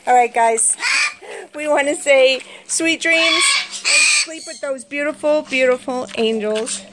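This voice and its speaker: Woman vlogger, high and slow-paced, doting baby talk, loud birds in the room. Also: heavy background noise. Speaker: vlogger and pet bird keeper. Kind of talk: casual nightly chat to viewers. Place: home with pet birds. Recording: loud squawking birds behind.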